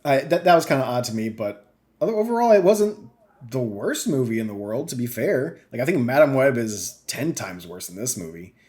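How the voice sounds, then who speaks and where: A man co-hosting a gaming podcast, talking casually, animated and swearing freely, with lots of fillers. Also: mid-range voice, normal speed. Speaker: podcast co-host. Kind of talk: casual chat.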